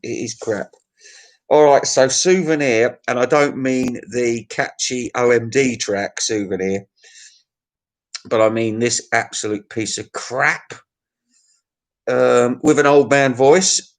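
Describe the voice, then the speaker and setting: A man of middle pitch talks through an album review off the cuff. He is blunt and crude, swears freely and keeps laughing at his own jokes. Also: slow pace. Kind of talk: casual unscripted album review.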